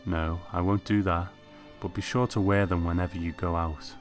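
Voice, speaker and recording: A cool, withdrawn shopkeeper who speaks soberly and holds back, as a male narrator puts him on. The voice is deep and low, with faint music underneath. It comes across as a calm storybook figure. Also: normal speed, lightly acted. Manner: sober, restrained.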